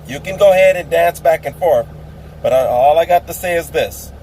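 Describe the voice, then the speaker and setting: A man's voice: on the high side, normal speed, warm tone, slight background noise, poor audio. A man delivering a preachy, emphatic political rant to camera, repeating phrases for effect. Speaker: political vlogger.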